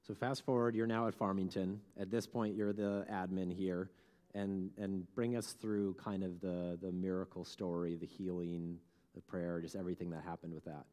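Mellow-voiced pastor interviewing. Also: male voice, low voice, level tone, in a large hall. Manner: conversational, halting with repeated words. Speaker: pastor interviewing a staff member. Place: church room.

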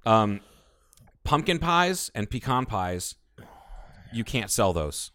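A man's voice: on the low side, sing-song, slow pace, fairly bright tone. A man co-hosting a casual podcast, rambling and swearing freely as he talks about baking. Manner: profane, rambling, enthusiastic. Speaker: podcast co-host. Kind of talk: casual chat.

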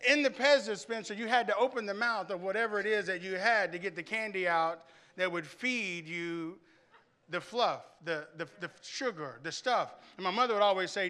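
A man preaching a sermon in church and telling animated stories, often restarting his sentences and throwing questions out to the congregation. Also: high voice, moderate pace. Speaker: pastor.

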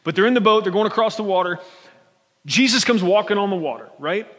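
A man preaching a sermon as pastor, conversational and animated, often restarting his phrases. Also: high voice, fast talker. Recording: long hall reverb.

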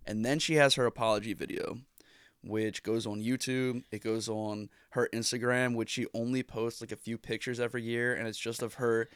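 A man's voice: medium pitch, level tone, moderate pace, clear, resonant tone, no room sound, studio quality. A man in his thirties co-hosting a podcast, telling stories in a loose, rambling way with laughs and swearing. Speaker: podcast co-host. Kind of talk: casual chat.

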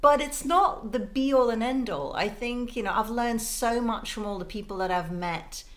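A woman guest in a casual chat, telling lively anecdotes and acting out quotes. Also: fairly high pitch, moderate pace. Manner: animated anecdotes with playful put-on quotes.

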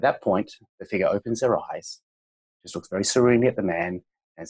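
An Australian man appears as a guest on a chiropractic podcast, speaking in a low, slightly husky voice at a brisk pace. He comes across as relaxed and reflective, slipping easily into stories and calm reassurance, on a rough recording.

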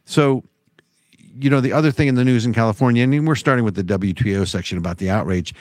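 A man's voice: medium pitch, quick pace, darkish tone, dry recording, studio quality. A man co-hosting a casual political talk show, wry and sarcastic, rambling with restarts. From United States. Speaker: podcast co-host.

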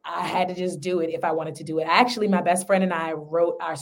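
Expressive woman in a casual podcast chat. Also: fairly low pitch, fast talker, gravelly. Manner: animated, expressive, swings between loud and soft. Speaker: podcast guest, singer.

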